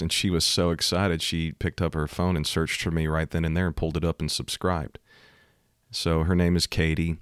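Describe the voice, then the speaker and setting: A man's voice: a bass voice, dry recording, studio quality. A man hosting a Christian podcast, telling a story in an earnest, folksy way. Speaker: podcast host. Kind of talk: storytelling devotional podcast talk.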